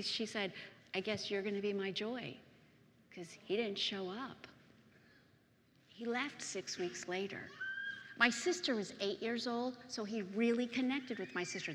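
Middle-aged woman preacher, heartfelt testimony, a touch high-pitched, long church reverb. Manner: emotional storytelling, swinging from hushed to loud and excited. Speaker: pastor's wife and preacher. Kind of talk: personal testimony sermon.

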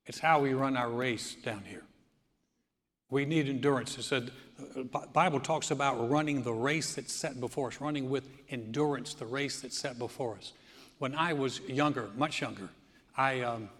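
Older guy preaching, mid pitch, laughs and restarts a lot, big hall echo. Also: moderate pace. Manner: animated storytelling with laughs and restarts. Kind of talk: sermon. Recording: long hall reverb.

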